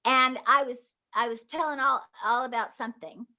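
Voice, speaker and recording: Actress, older, animated raconteur, high bright voice. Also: female voice, normal speed. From Mississippi. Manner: animated storyteller, laughs often. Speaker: guest actress. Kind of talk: casual interview recollection.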